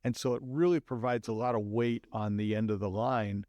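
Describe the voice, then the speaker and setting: A middle-aged man co-hosting a show, telling a story in a calm, low-key casual chat. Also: brisk, no room sound. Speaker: co-host, therapist.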